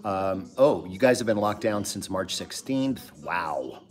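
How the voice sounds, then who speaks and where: A man's voice: deep voice, expressive, a little slow. A middle-aged man hosting a casual live stream, rambling and joking dryly as he reads out where viewers are from. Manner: rambling, reads out viewer locations, dry jokes. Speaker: host.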